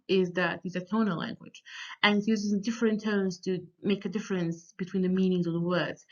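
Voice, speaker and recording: A woman teaching a recorded lecture, explaining step by step with frequent ums and restarts and drawing out sample syllables. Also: mid-range voice. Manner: sings out sample syllables with exaggerated tones. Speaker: language teacher. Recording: slightly dull, lo-fi audio.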